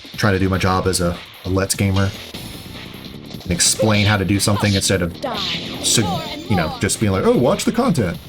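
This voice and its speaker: A man's voice: low voice, little pitch movement, a little fast, pauses often, music in the background. A man recording a let's play, casually talking viewers through the route with rambling, self-correcting directions. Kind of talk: casual gameplay commentary, walkthrough guide.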